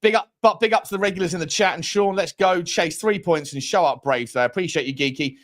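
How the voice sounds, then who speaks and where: A man's voice: high voice, fast talker, fairly bright tone. A man hosting a live football watchalong, chatting casually with viewers and reading their comments aloud in an upbeat, matey way. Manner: upbeat, matey banter with the chat. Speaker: host of a football fan channel.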